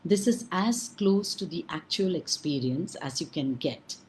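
Woman educator, gentle storyteller; low voice, unhurried, pausing often. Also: lively intonation, slight background noise, rough recording. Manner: gentle, measured, with pauses. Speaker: early-years educator.

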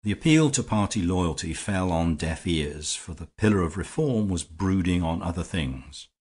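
A man reading an audiobook aloud in a measured, even storytelling manner. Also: sits low, breathy edge. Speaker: audiobook narrator. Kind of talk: scripted narration.

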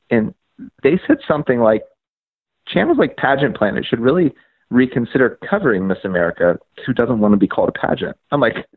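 A man telling his story as a podcast guest, animated, acting out conversations and using lots of "like" and "um". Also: medium pitch, husky, phone-quality sound. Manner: frequent fillers like "like" and "um". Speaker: podcast guest, media outlet founder.

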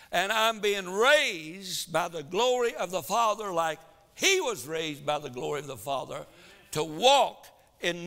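Emphatic preacher in a church. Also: male voice, high-pitched, long reverb tail. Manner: emphatic preaching, swinging between loud exhortation and quiet asides. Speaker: pastor. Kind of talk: sermon. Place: church sanctuary.

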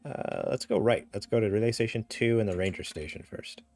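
A man's voice: lowish voice, fairly quick, a little mellow, soft background music. A young man from upstate New York, chatting casually as he streams a game and reads signs aloud. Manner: chatty, narrates what he reads and does. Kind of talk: casual gameplay chat.

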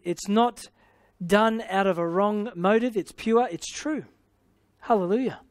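A man's voice: high-pitched, no echo, studio quality. An Australian man preaching a sermon, punctuating his teaching with hallelujah and amen and paraphrasing scripture playfully.

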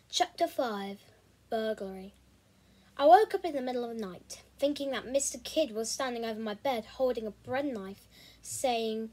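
Woman, storybook narrator, expressive, breathy, fairly high voice. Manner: chatty with fillers in intro, expressive when reading. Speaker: host reading a novel aloud. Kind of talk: storybook read-aloud narration.

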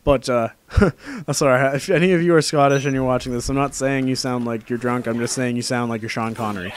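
A man's voice: mid-range voice, noisy background. A young man giving casual, rambling let's-play commentary into a desk microphone, full of joking asides. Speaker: gameplay commentator.

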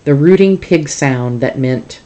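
Mellow teacher reading aloud. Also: mid-range voice, a little slow, lo-fi sound. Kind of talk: reading a novel aloud to a class.

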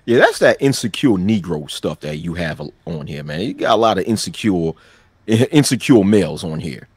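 A man speaking as a guest on a casual panel chat, blunt and a bit halting. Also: low voice, very animated, a little mellow, breathy edge, no echo. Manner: blunt, hesitant with fillers.

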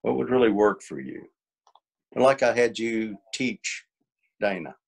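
A man's voice: fairly low pitch, measured pace, creaky. An older man leading a coaching webinar, explaining in a folksy way with acted-out examples over a video call. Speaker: coach and workshop leader. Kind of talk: teaching a webinar.

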